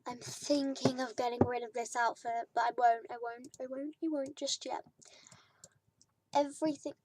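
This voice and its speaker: High-voiced chatty British young woman. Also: steady tone, normal speed, darkish tone, a little hiss or hum. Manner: rambling, chatty, lots of "like" fillers. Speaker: gaming YouTuber. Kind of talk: casual let's-play commentary.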